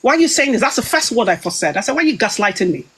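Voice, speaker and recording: A British woman recounting a dispute in an animated, casual account, quoting herself and others with frequent restarts. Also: a little high, racing, husky, rough recording. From Britain.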